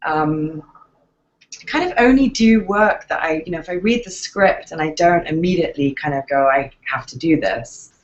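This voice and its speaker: An English woman talks through interview questions in a relaxed, reflective way. She pauses often and restarts her sentences as she thinks. The sound is a little muffled and lo-fi. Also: lowish voice. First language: English accent in real speech. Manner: thoughtful, hesitant, many fillers and restarts. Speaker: actress interviewed as guest.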